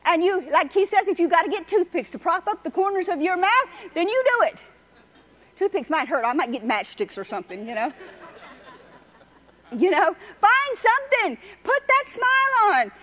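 A woman with a high, light voice gives a folksy sermon. She is chatty and exhorting, with easy laughter, and the recording sounds dull and lo-fi. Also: very animated, normal speed, fairly bright tone. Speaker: preacher. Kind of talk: folksy sermon with personal stories.

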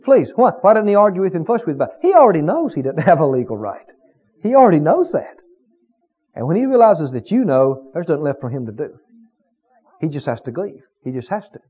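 Man, preacher, fervent sermon, high and lively voice, dull lo-fi recording. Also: a little fast, breathy edge. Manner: fervent, rising to shouted repeated phrases.

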